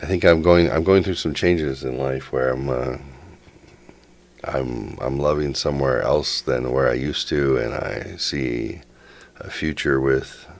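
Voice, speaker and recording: A man hosting a casual interview, talking in animated, halting bursts and often restarting his sentences. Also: extremely low pitch, vocal fry. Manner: animated, halting, quotes others in lively bursts. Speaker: podcast host.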